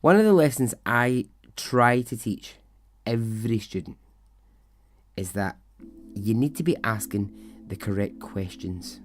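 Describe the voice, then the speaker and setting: A man retelling the words of an earnest male teacher who explains things slowly and reflectively. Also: fairly low pitch, expressive, soft background music.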